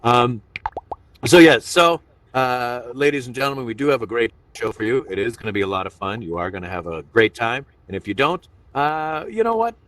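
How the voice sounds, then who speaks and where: A man's voice: medium pitch, lively intonation, moderate pace, fairly bright tone, recorded from a distance. A man hosting a stand-up comedy show in a virtual reality room, rambling and self-deprecating, with many filler asides.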